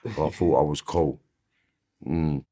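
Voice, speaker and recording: A man with a very deep voice, telling blunt, slangy stories about his past as an interview guest. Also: fairly even intonation, measured pace, mellow. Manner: blunt, swears freely, slangy. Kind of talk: casual storytelling.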